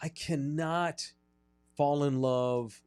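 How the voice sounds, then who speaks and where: Emphatic man, high-ish voice. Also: fairly even intonation, drawn-out words, darkish tone, clean tone, dry recording. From North Texas. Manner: emphatic, ranting storyteller. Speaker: podcast host. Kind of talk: casual sports chat.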